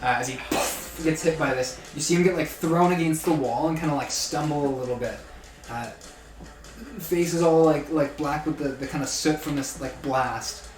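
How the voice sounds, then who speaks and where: A man's voice: a little high, moderate pace. A man running a tabletop game as game master, describing scenes in a loose, rambling way full of "like". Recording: roomy recording with music behind.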